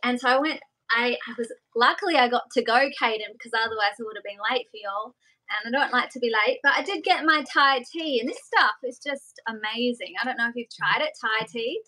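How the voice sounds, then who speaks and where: Bubbly high-voiced woman singer. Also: brisk, pushed and bright, low-quality recording. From Australia. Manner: chatty, bubbly, giggly. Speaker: singer, guest. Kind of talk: casual live interview chat. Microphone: video call.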